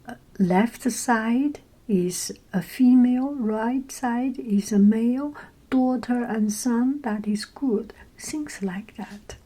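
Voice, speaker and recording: A woman, whispering a casual vlog story and pausing often with fillers while she searches for words. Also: a little high, low-quality recording. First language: Chinese. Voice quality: soft whisper. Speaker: vlogger.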